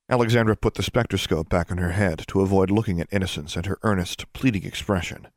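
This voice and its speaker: A man's voice that sits low delivers scripted fantasy audiobook narration with steady, measured pacing. The audio is dry and clean, recorded in a studio.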